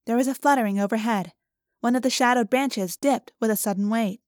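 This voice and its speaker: Woman, audiobook narration, slightly high voice, dry close recording. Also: fairly quick, darkish tone, dry recording. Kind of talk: first-person audiobook narration.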